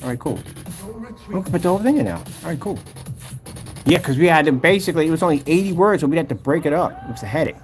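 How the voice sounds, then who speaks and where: Gravelly, lively man mocking a critic. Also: on the high side, quick pace, faint music behind. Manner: mocking and exasperated, repeats his points. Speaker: company owner showing his product site. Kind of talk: casual screen-share commentary.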